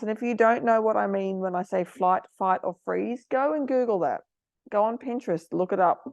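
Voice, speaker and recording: A middle-aged woman host talking earnestly to parents, sometimes moved to emotion, giving gentle advice. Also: mid-range voice, creaky, no echo. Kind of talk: casual product talk to parents.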